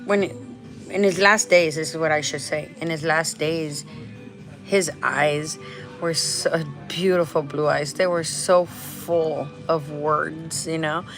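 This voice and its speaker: A woman's voice: low-pitched, fairly even intonation, slow pace, fairly bright tone, soft background music. A woman vlogger talking casually and rambling, with frequent restarts, laughing often and dropping in Spanish phrases, in a restaurant. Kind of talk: casual vlog chat.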